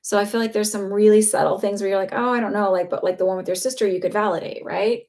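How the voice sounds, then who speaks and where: A woman's voice: medium pitch, fairly even intonation, quick pace, a little mellow. A woman giving a live psychic reading, chatty and reassuring, with lots of fillers. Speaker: psychic reader. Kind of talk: live-stream reading, casual chat.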